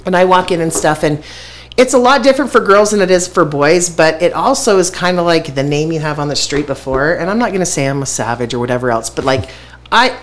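Blunt, low-voiced woman. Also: expressive, a little fast. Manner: blunt, profane, laughs often. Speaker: guest telling her story. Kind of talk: candid conversational storytelling.

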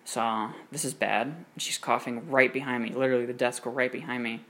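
A man's voice: medium pitch, steady tone, moderate pace, fairly bright tone. A young man hosting his own show, telling a personal story in a casual, rambling way, full of fillers and swearing. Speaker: podcast host. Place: room with air conditioning running.

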